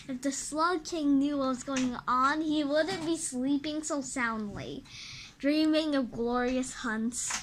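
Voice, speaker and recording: A woman reading a children's graphic novel aloud, expressive and a little halting. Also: high-pitched, a little hiss or hum. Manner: slow, expressive read-aloud with small restarts. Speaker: storybook reader.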